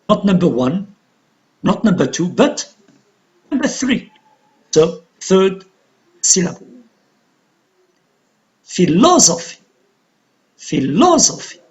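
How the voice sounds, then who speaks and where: A man teaching an English lesson on word stress, explaining slowly and counting syllables aloud. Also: sits high. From Algeria.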